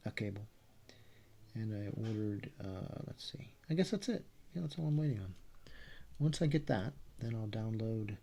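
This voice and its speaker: An artist vlogger in his forties from Texas, USA, talks casually with a Texas accent, meandering and correcting himself as he goes. His voice is lowish, gravelly and mellow.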